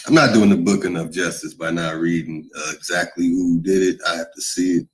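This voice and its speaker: Deep-voiced laid-back male stream guest. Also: fairly even intonation, a little fast, low-quality recording. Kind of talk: casual live stream chat.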